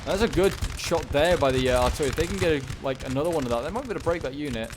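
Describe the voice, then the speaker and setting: A man's voice: a little high, very fast, noisy background. Rambling male strategy-game commentator. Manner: rambling, excitable, talks back to units on screen. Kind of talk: casual battle commentary. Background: gunfire and battle sounds.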